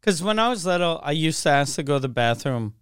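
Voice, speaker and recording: A man's voice: on the high side, animated, quick pace, a bit bright, clean tone, dry recording, studio quality. A man chiming in with short, wry remarks as a podcast co-host. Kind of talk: casual chat.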